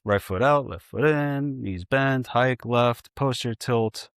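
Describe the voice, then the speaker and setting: A man's voice: mid-range voice, clean tone, no echo, clean studio sound. New York man coaching an exercise. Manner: brisk, repetitive coaching cues; chatty, joking asides to viewers. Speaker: physical therapist and coach. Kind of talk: hands-on exercise demonstration.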